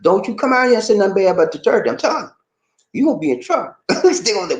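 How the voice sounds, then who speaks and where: An American man hosting a casual live stream from home, reading out viewer names, laughing often and talking in a lively, easygoing way. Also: high voice, fast. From United States. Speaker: vlog host reading live chat.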